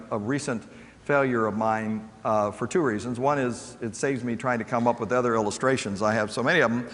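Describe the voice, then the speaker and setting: A man giving a motivational keynote talk, telling stories and acting out the voices of the people in them. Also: mid-range voice. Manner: animated storyteller acting out quoted voices. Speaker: motivational speaker. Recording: long hall reverb.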